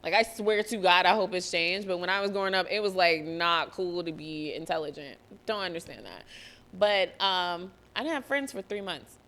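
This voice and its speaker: A young adult woman, hosting a motivational solo podcast in an energetic, profane way. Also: on the low side, moderate pace. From US (Georgia). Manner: energetic, profane, acts out quoted voices. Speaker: podcast host.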